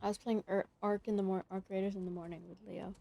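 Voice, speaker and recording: A woman's voice: medium pitch, flat delivery, fast, vocal fry, dark tone. A young woman chatting casually with her stream chat while she plays, sleepy and playful. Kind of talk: casual live-stream chat over gameplay.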